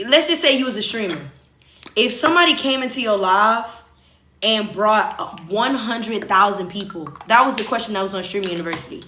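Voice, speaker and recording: A young woman rambles through a casual livestream chat, talking straight to her viewers in a bright, sharp-edged voice. Her voice rings in a roomy space with plenty of echo. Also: mid-range voice. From Southern United States. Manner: chatty, rambling, addresses viewers as y'all. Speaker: streamer.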